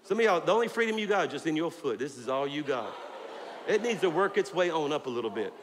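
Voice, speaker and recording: A middle-aged man, preaching a sermon in a fired-up way, rising to shouts. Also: fairly high pitch, very animated, fast talker. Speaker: pastor. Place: large church auditorium. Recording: hall reverb with faint crowd and noise. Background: congregation.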